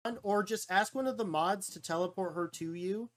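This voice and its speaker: A woman live-streaming a game, chatting casually with frequent laughs and quick exclamations. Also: mid-range voice. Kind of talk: casual live-stream chat over gameplay.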